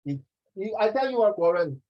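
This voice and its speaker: A man's voice: sits high, sing-song, normal speed, dull audio. A man, tutoring a class in a chatty, teasing way and slipping into Mandarin now and then. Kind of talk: online class teaching.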